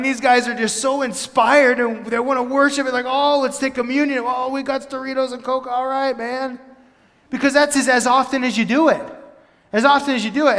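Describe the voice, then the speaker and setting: A pastor giving a casual, storytelling sermon in a church, animated and full of "like" and "right?". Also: male voice, high voice. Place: church hall. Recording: long church-hall reverb.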